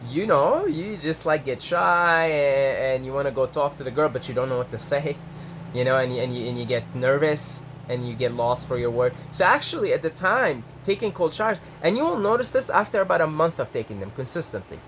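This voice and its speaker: A young adult man talking casually to the camera as a vlogger, rambling with restarts and jumping up in pitch when he gets excited. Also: brisk, a little hiss or hum. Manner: rambling, self-interrupting, lively pitch jumps when excited.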